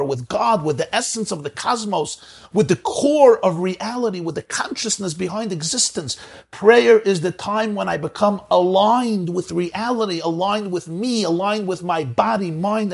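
A man's voice: high voice, creaky, husky, pitched above the performer's own voice, heavily acted. A man voicing a devout male Hasidic master who speaks fervently about his need to pray.

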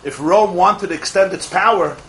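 A man teaching a Torah class to a live group of students, an animated storyteller who fires off rhetorical questions and laughs at his own jokes. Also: high voice, moderate pace, slight background noise, poor audio. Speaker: religious teacher.

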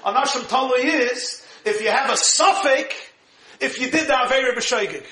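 A rabbi with a notably high, bright voice gives a Torah lecture at normal speed. He's animated and emphatic, laughing often as he explains, and the room sounds echoey.

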